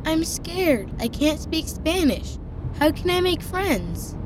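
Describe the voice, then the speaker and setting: A woman putting on a shy little girl's voice for a storybook child, high and small. The voice lifts and dips in a lively way and sounds a little distant from the mic. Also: slow pace, background noise, heavily acted. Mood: anxious. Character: young girl, shy and anxious newcomer.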